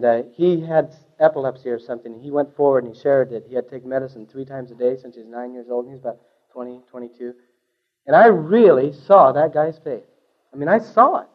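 Man telling a lively church testimony, lo-fi. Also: mid-range voice. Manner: animated storyteller, hippie slang, swings from loud to hushed. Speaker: testimony speaker. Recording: dull lo-fi recording.

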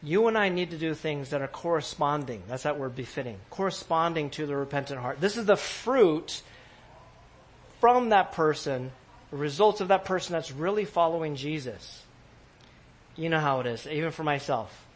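Casual, lively man preaching a sermon. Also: fairly high pitch, moderate pace. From California. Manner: conversational preaching with laughs and asides to the congregation. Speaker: pastor. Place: church in New York.

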